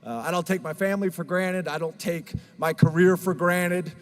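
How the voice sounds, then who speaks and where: A man's voice: sits high, fairly even intonation, moderate pace. A middle-aged man speaking as head football coach at a press conference, earnest and emotional, choking up at times. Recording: long hall reverb.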